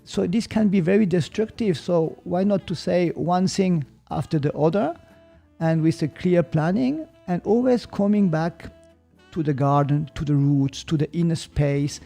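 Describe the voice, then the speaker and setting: Swiss German-accented male guest, slightly high voice, unhurried and explanatory. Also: gravelly, faint music behind. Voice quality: searches for words, mixes in German. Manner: calm, explanatory, hesitant. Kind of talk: reflective podcast conversation.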